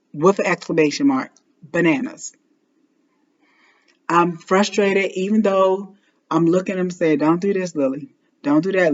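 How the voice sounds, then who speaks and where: An earnest woman in her forties speaks straight to fellow parents in a heartfelt motivational vlog. She leans on repeated phrases to drive her point home. The recording sounds dull and lo-fi. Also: medium pitch. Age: 40s. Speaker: parenting vlogger. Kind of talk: heartfelt motivational talk to camera.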